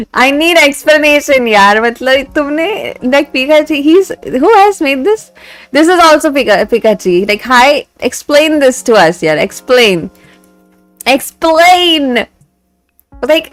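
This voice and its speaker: A young woman with an Indian accent, chatting casually on a live stream, giggling often and reacting to memes and chat. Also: sits high. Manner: giggly, animated, switching between English and Hindi. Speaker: VTuber streamer. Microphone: desk mic set back from her.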